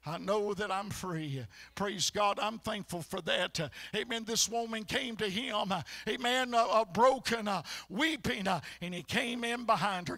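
A male pastor preaching a fiery sermon in church, breaking into shouts and filling every pause with "uh, amen.". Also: high-pitched. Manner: shouting bursts, constant "uh, amen". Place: church sanctuary.

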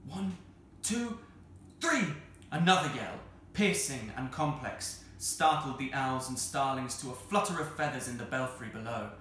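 A man reading a children's novel aloud as a storyteller, expressive and measured. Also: mid-range voice. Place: arts centre hall. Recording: roomy hall with faint noise.

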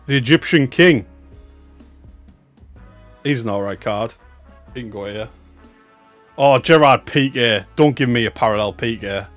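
Excitable man streaming live. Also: medium pitch, unhurried, long pauses, no echo, soft background music. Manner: excitable, chatty, swings between loud hype and muttering asides. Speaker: livestreamer opening trading cards. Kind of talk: casual live-stream commentary.

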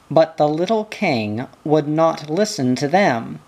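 A reader narrating a history book in an even, measured manner. The pace is markedly slow and careful, with each phrase given room. The voice sits at a middle pitch. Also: slight background noise. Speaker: audiobook reader. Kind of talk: reading a history book aloud.

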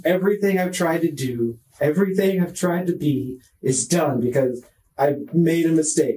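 A man's voice: a little high, moderate pace, mellow, recorded from a distance, rough recording. A man giving a recorded statement during a police interview, agitated and pleading, often breaking off and repeating his words. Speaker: murder suspect under police questioning.

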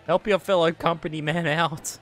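An excitable man provides live stream commentary on a wrestling video game, cursing and laughing frequently as he veers between shouting and muttering. His pitch is fairly high and his pace normal, with soft music in the background.

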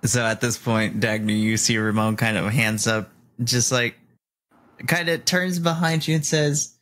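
Relaxed mid-voiced man player. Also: mid-range voice, measured pace. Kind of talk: tabletop game table talk.

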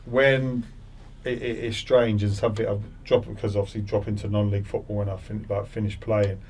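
A man's voice: lowish voice, level tone, brisk, distant mic, crowd noise. A man in his forties, a former footballer, chatting as a podcast guest with many restarts and repeated words. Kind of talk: casual interview chat.

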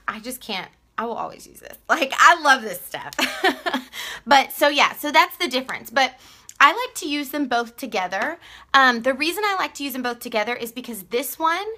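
A woman with a Texan accent hosts a casual live-stream sales chat about mascara, her tone bright and forward. Her voice sits a little high, and she chatters along, laughing often and calling out viewers by name. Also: animated, normal speed. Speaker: live-stream makeup seller.

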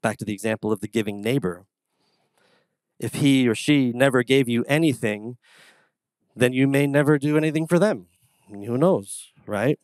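A man preaching a sermon as pastor, telling casual stories in an animated, conversational way. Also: medium pitch, moderate pace, pauses often, dry recording. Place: church sanctuary.

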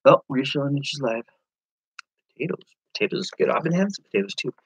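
A man's voice: mid-range voice, very animated, quick pace, slightly rough, dry recording, rough recording. A man chatting casually on a live stream as an online reseller, rambling to viewers and reading their comments aloud.

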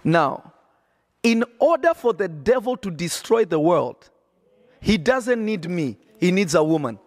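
A man's voice: high voice, big pitch swings, unhurried. A man preaching on a podcast, emphatic and repetitive, often checking that listeners follow. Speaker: prophet and podcast host.

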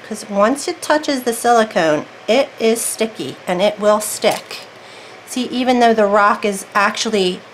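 Working at her desk, a woman narrates a craft project in real time, chatting and thinking out loud to herself. She's a craft video creator with a mid-range voice, and the low-quality recording carries a slight hiss or hum.

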